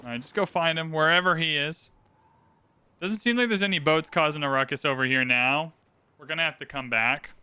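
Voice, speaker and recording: A man narrating his own strategy game session with a bright, lively voice and a fairly high pitch. His speech is clear and smooth, chatty and upbeat as he explains each move. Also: a little fast, no echo. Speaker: gaming channel host. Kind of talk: casual gameplay commentary.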